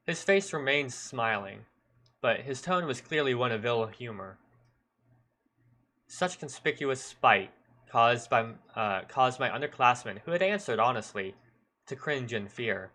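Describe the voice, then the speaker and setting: A streamer reads a visual novel aloud, narrating in the first person at a measured pace. His medium-pitched voice has a bright, sharp timbre and an animated delivery, and he occasionally stumbles and corrects himself.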